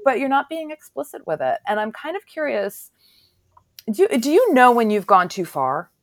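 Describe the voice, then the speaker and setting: A woman's voice: fairly high pitch, big pitch swings, moderate pace, no echo, studio quality. A woman hosting a podcast, chatting casually and thinking aloud with curious questions. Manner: thoughtful, lots of fillers, loose and curious. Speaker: podcast host. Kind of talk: casual interview chat.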